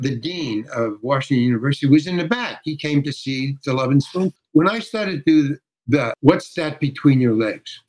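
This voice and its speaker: An older man from the United States, a comedian telling a rambling, halting anecdote as an interview guest. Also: mid-range voice, low-quality recording. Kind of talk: conversational storytelling.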